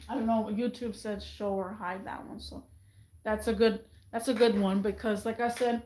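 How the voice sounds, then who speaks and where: Chatty woman vlogger in an echoey room. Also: fairly high pitch. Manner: rambling, chatty, animated with mimicked voices. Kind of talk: casual monologue to camera.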